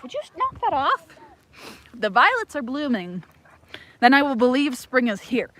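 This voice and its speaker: Woman, from ohio, casual livestream chat, rambling, a little high-pitched, talks to her dogs. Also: fairly bright tone. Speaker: homesteader livestreaming. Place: outdoors on a homestead.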